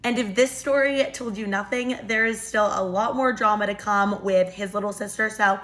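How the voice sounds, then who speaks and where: Bright-voiced woman telling a story. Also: mid-range voice, moderate pace. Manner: animated and exasperated. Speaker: storytime vlogger. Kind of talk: casual storytelling.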